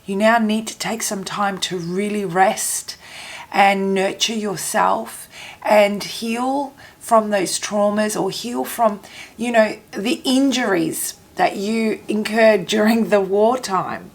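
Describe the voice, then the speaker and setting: Woman tarot reader, gentle, halting, voice catching in her throat, mid-pitched. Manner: gentle, halting, repeats phrases while searching for words. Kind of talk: intuitive tarot reading to camera.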